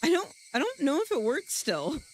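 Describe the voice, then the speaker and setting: A woman's voice: high voice, huge pitch swings, moderate pace, slight background noise, poor audio. A woman streamer chatting casually with her live audience, rambling and self-deprecating, swearing often. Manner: chats directly to her viewers.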